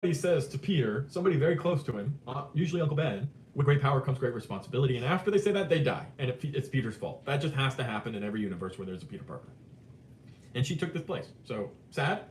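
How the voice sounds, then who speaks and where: A man hosting a live movie chat, talking casually and animatedly, swinging between excited and subdued. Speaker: live stream host. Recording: roomy with faint rumble.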